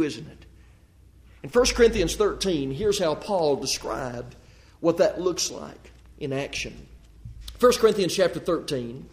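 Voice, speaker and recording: High-voiced preacher, emphatic sermon. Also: male voice. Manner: emphatic, rising and falling, rhetorical questions to the congregation.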